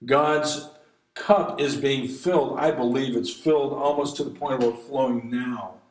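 A man's voice: medium pitch, normal speed, echoey room, poor audio. A man preaching an impassioned sermon, his delivery rising and falling as he reads scripture and exhorts.

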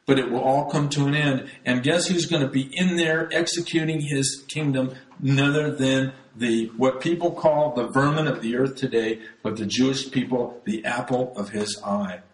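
A man's voice: medium pitch, fairly even intonation, moderate pace, few pauses, roomy sound, low-quality recording. A man teaching from the Bible in a conversational sermon style, talking to his listeners as folks. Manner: conversational, addresses listeners as folks, frequent restarts.

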